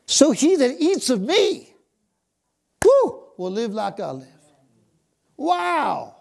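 A man's voice: very high-pitched, huge pitch swings, slow, creaky, pauses often, a little mellow. An American man preaching a sermon, exclaiming bursts of praise and dropping suddenly to a whisper. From United States.

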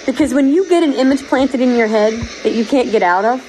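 A woman's voice: high-pitched, animated, brisk, mellow, slight background noise, rough recording. A woman hosting a podcast, talking in an earnest, emotional, pleading way. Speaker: podcast host. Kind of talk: casual chat. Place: virtual world.

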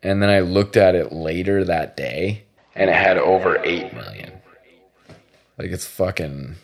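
A man's voice: low-pitched, measured pace, gravelly. A man hosting a podcast, chatting casually in a meandering, profane way. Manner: profane, meandering, frequent restarts. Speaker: podcast host. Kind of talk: casual chat.

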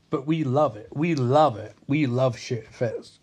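A man's voice: fairly high pitch, darkish tone, slightly rough. Profane man doing a sarcastic film recap. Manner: profane, sarcastic, acts out characters in quick quoted voices.

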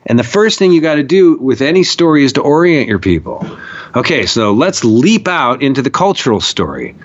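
On a lo-fi recording, a man with a medium-pitched voice talks fairly quickly as a podcast guest. His casual storytelling rambles, swears freely, and is lively and full of fillers.

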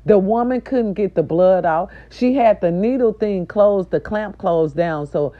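An older woman, a nurse's aide and grandmother, telling an indignant, profane story straight to her viewers in a loud, animated rant. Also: on the low side, lo-fi sound.

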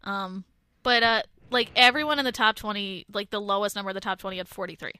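A woman's voice: mid-range voice, quick pace, smooth, dry recording, studio quality. A young woman co-hosting a radio show, telling stories and teasing her co-host in casual chat. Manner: teasing, animated storyteller, laughs a lot.

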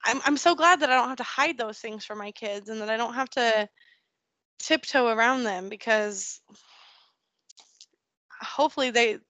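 Bright-voiced emotional woman guest. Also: a little high, moderate pace, long pauses, no room sound. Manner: earnest, openly emotional. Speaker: podcast guest. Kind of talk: candid personal conversation.

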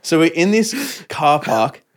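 A man's voice: a little high, very animated, slow pace. A young Australian man, a touring musician guest telling rambling tour stories in casual podcast chat. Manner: laid-back, rambling, full of "like".

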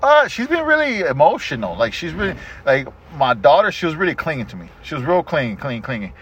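A middle-aged man hosting a casual podcast chat, telling stories in an animated, profane way. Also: on the high side, fast talker, slight background noise. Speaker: podcast host. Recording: dull lo-fi podcast audio.

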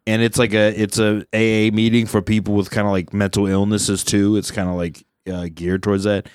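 A man's voice: fairly low pitch, level tone, fairly quick, darkish tone, clear, resonant tone, dry recording, clean studio sound. Profane storytelling comic man. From Southern California. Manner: profane, storytelling, laughs often. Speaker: podcast host, stand-up comic. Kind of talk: casual podcast chat.

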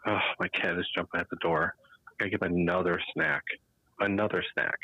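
A man's voice: sits low, flat delivery, brisk, no room sound, muffled recording. A man co-hosting a podcast from home, telling rambling, profane stories in a casual chat. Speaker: podcast co-host.

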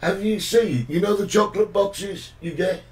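A man's voice: high voice, normal speed, recorded from a distance, poor audio. A man hosting a casual talk show, chatting and reading out viewer greetings. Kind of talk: casual chat.

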